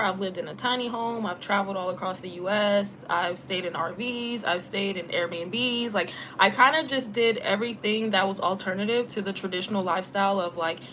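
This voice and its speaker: A young woman talks in a loose, chatty way on a live stream. Her voice sits at an ordinary middle pitch and stays easygoing, with plenty of "like" and casual slang. A faint hiss of background noise runs under her voice. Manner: relaxed and chatty, heavy use of "like" with slang. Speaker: travel vlogger and former teacher.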